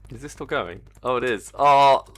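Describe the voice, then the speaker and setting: A chatty, excitable man talks through his game-making live from a home desk, speaking into a desk mic on a stand. His voice swings up and down a lot, and he swears freely. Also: medium pitch, a little slow. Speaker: indie game developer streaming. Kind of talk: casual live-stream commentary.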